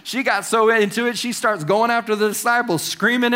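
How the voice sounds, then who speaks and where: Male preacher, high voice, casual sermon with wry asides and questions to the congregation. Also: steady tone, brisk, sharp tone. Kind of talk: conversational sermon.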